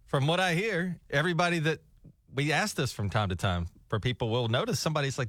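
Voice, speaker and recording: Radio host guy, mid pitch, lively swings in his voice, dry sound, joking around. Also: fairly quick, no echo. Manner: easygoing, teasing banter. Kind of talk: morning radio chat.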